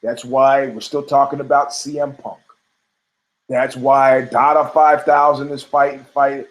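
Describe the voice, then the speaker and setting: A man's voice: mid-range voice, little pitch movement, unhurried. A man hosting a show, giving brash, profane, rambling opinions on fights with many restarts. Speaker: podcast host. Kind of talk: casual opinionated commentary.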